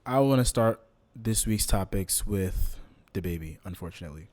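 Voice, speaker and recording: This young podcast host speaks at a moderate pace in a lowish, darkish, expressive voice. His monologue is casual and relaxed, loose and full of slang, ums, and filler words.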